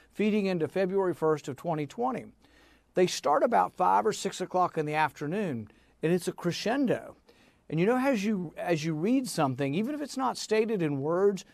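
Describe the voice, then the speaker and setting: High-voiced emphatic man, dry sound. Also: creaky, no echo. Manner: emphatic, animated storytelling. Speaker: senator, interview guest. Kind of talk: interview answer.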